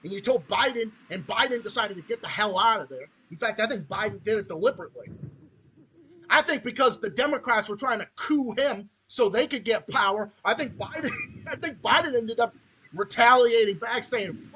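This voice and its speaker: A man tears through an angry, profane political rant as a podcast host, slipping into mocking voices. His voice is bright and edged, with a faint hiss of background noise behind it. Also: high voice, animated, moderate pace, poor audio. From Massachusetts, USA.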